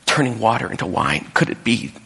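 A male pastor delivering a sermon and telling a story, dropping to whispers and rising high when he quotes people. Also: lively intonation, a little fast, pushed and bright, husky. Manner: storytelling, drops to whispers and rises high when quoting others. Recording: echoey hall with long reverb.

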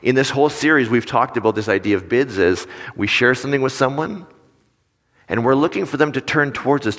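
A man preaching a sermon in a conversational way. He asks his listeners questions and turns animated when he acts out little stories. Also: mid-range voice. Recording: long reverb of a large hall.

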